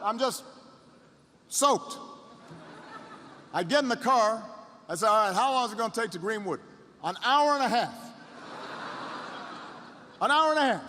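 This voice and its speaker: A man with a high, bright, forceful voice tells a long story to a crowd in a large hall. The sound rings with long reverb. He repeats lines for effect and pushes the emphasis higher as the story builds. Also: a little hiss or hum. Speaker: public speaker. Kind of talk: motivational storytelling speech.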